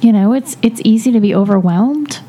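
A woman co-hosting a faith discussion, reflective, slow and earnest. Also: a little high, warm tone.

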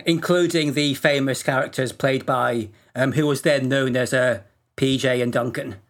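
A man co-hosting a comedy podcast, telling odd facts in a dry, deadpan way. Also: medium pitch, normal speed. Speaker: podcast co-host presenting facts. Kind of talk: casual comedic podcast chat.

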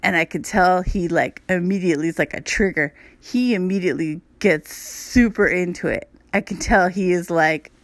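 A woman's voice: lowish voice, normal speed, hardly any pauses, no room sound. A woman hosting a podcast, telling a personal story in a candid, chatty way, full of "like" and asides to her listeners. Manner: candid, chatty, addresses listeners as "you guys"; frequent "like" fillers. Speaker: podcast host. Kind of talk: casual storytelling monologue.

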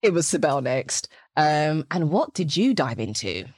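A young British woman hosting a podcast in casual chat, lively and laughing often, with a casual swear here and there. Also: deep voice, measured pace, dry recording, clean studio sound. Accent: British English. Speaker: podcast host.

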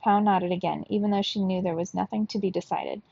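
A woman reading a children's novel aloud in steady storybook narration. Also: mid-range voice, brisk, vocal fry, slightly rough, no room sound, lo-fi sound. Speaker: reader.

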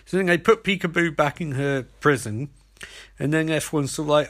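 A man's voice: a little high, fairly quick, a bit bright. Sarcastic man recapping a show. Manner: sarcastic, rambling, acts out the characters' lines. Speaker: TV episode recapper. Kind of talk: casual comedic episode recap.

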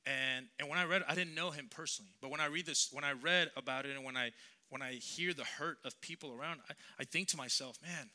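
Casual: youth pastor guy telling a sermon story, kinda rambling and earnest, bright sharp voice. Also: on the high side. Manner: conversational, halting, earnest storyteller.

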